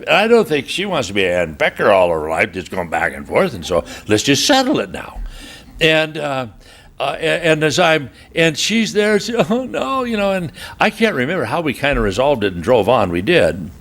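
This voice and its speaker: Animated male pastor telling stories. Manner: animated storyteller, jumps high for quoted voices. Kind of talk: sermon with humorous storytelling. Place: church retreat hall.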